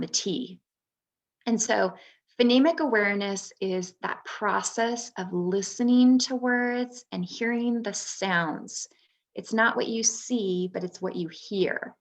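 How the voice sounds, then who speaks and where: A woman, a former third grade teacher, explaining reading skills to parents in a patient presentation with frequent ums. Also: mid-range voice. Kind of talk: instructional webinar presentation.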